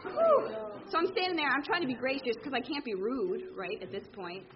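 A woman telling her recovery story to a meeting, candid and animated, acting out the people in it. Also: high-pitched, brisk, dull audio, a crowd in the background. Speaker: speaker sharing at a recovery meeting. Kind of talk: personal story told to a meeting.

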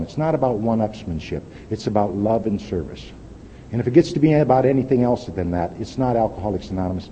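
An older man speaking at a recovery meeting, giving a plain-spoken, wry and candid personal testimony. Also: dark tone. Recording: lo-fi echoey hall with faint rumble.

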